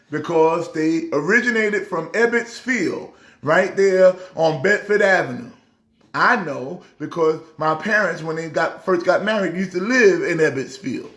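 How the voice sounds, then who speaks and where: A man's voice: sits high, a bit bright. A pastor hosting a casual sports vlog, talking emphatically and rambling through his trash talk. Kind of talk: casual sports chat to camera. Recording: echoey room.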